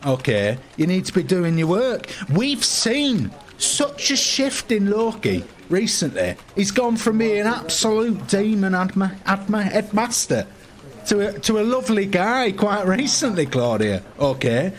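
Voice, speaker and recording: A man's voice: sits high, sing-song, a little slow. A British man improvising a fussy, pompous middle-aged office manager scolding a new employee. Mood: lecturing. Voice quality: pompous, prim, exasperated. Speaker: podcast co-host. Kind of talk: comedy improv.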